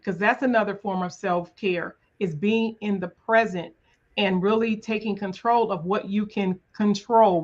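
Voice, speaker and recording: A woman's voice: mid-range voice, dull audio. A woman hosting a conversational interview, speaking in an earnest, thoughtful way with touches of faith. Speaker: podcast host.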